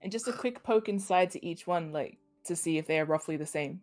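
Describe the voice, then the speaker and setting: A woman's voice: lowish voice, brisk, a little mellow, faint music behind. A woman playing in a tabletop game, chatting casually and laughing easily. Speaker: player.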